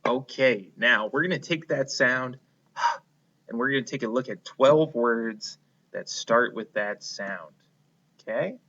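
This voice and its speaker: Man, kindergarten teacher, phonics lesson, unhurried, encouraging, bright tone. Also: mid-range voice, lo-fi sound. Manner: slow, patient, encouraging with repeat-after-me prompts. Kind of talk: phonics lesson for young children.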